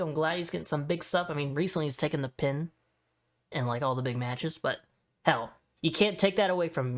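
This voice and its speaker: A young man giving casual, excitable tier-list commentary, swearing freely and saying dude a lot. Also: on the high side. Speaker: wrestling video host.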